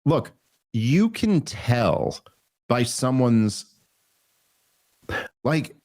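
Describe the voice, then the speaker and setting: A man hosting a political podcast, talking in an animated, indignant way and often restarting his sentences. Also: mid-range voice, very slow, no room sound. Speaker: podcast host. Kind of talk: political commentary chat.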